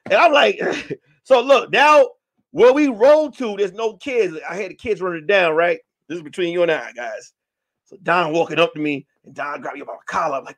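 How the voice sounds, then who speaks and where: A man hosting a comedy podcast, telling a rowdy story, shouting, swearing and acting out the voices. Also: high-pitched, lively intonation, a little fast. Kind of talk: animated comic storytelling.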